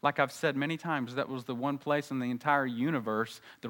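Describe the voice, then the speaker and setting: A man preaching a sermon, dropping to a hushed low voice and then rising loud and high for emphasis. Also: a little fast, few pauses.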